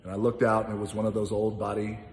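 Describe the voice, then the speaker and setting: A man telling a casual, animated anecdote, now and then breaking into song and laughing as he goes. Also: lowish voice, quick pace, a little hiss or hum. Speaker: storyteller answering questions. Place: large gym. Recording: roomy echoey hall.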